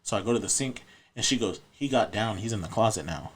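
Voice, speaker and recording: A man's voice: fairly low pitch, lively intonation, fast talker, breathy edge. A man in his thirties, a podcast guest, telling a story in an earnest, matter-of-fact way in casual chat. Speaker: podcast guest, paranormal investigator.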